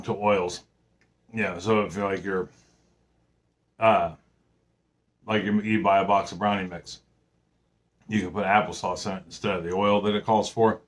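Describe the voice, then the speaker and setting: A middle-aged man chatting casually in a home baking vlog. He rambles in a friendly way, full of fillers and restarts. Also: fairly low pitch. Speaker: home cooking vlogger. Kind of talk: casual chat.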